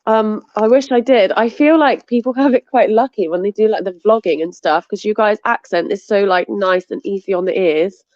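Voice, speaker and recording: A young English woman talking casually as an interview guest, chatty, laughing often and filling pauses with "um" and "like". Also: medium pitch, a little mellow, no echo, muffled recording. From England. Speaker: skateboarder guest.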